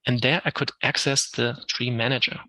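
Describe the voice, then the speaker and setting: A man's voice: medium pitch, steady tone, moderate pace, bright, forceful tone, dry recording, poor audio. A man with a German accent, an Unreal Engine instructor giving a live tech talk, explaining step by step with frequent ums while answering questions.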